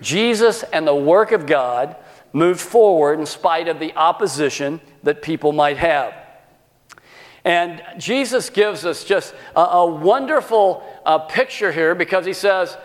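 A man's voice: fairly high pitch, lively intonation, measured pace, long reverb tail. A male pastor preaching a sermon, telling a personal story and acting out the quoted dialogue.

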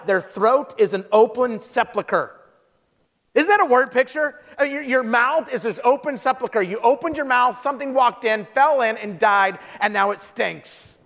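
A man preaching a sermon as pastor, telling stories in an animated way with quick restarts. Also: very high-pitched, big-room sound.

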